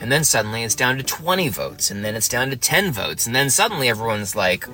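Bright-voiced man telling a story. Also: medium pitch, sing-song, a little fast, soft background music. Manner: chatty, leans on "like" while building a story. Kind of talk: casual storytelling.

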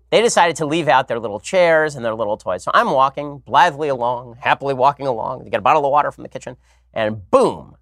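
A man hosting a commentary show, telling stories in a casual, animated way with sarcastic asides. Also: medium pitch, no echo, studio quality. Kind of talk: casual comedic monologue.

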